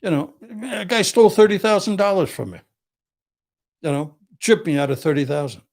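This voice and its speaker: Gravelly, profane older man telling stories. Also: fairly high pitch, expressive, fairly quick, darkish tone. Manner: profane, blunt, tough-guy storytelling with acted quotes. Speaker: criminal defense attorney, guest. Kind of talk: casual storytelling.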